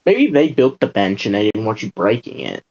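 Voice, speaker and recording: A man's voice: fairly low pitch, big pitch swings, normal speed, a little mellow, breathy edge. A man in a casual podcast chat, breaking in with puzzled questions. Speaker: podcast co-host. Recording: muffled lo-fi audio.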